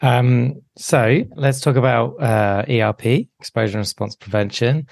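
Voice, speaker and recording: A man hosting a podcast interview, asking questions in a relaxed, hesitant way. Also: mid-range voice, a little slow, creaky, no echo, clean studio sound. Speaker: podcast host. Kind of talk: conversational interview.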